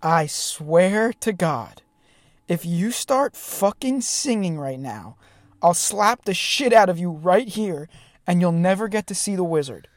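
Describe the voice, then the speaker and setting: A brash young heroine who scolds and swears crude threats, read by a speaker in a near-plain voice. The pitch sits mid-range and the sound is dry and close. It is a comedic read-through. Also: animated, a little slow, no room sound, close to an everyday voice. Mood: scolding.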